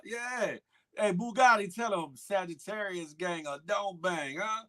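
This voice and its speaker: The man's voice is high-pitched, bright and forceful, and he never rushes. He's a morning show host reading viewer comments, casually chatting and teasing viewers with slang and laughter.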